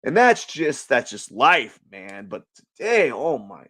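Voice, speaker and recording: A man hosting his art livestream, chatting in a goofy, rambling way with bursts of playful shouting. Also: medium pitch, very animated, takes it slowly. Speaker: livestream artist host. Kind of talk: casual drawing livestream chat.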